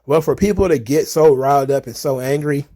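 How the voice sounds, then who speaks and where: A man's voice: a little high, fairly quick, warm tone. A young adult man hosting a wrestling commentary channel, casually reacting to viewer comments with sarcasm, frequent laughter and casual swearing.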